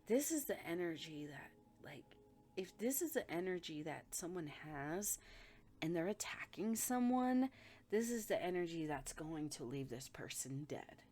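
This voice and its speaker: A woman's voice: low-pitched, animated, normal speed, a little mellow. A woman giving a blunt, profane intuitive reading, talking emphatically as she reads the energy of the people involved. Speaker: spiritual reader.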